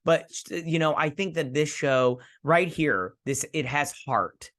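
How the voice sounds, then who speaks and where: A man's voice: on the high side, takes it slowly, a bit bright. A man casually recapping and reviewing a TV episode, acting out the characters' lines and rambling with lots of fillers and restarts. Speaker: show reviewer.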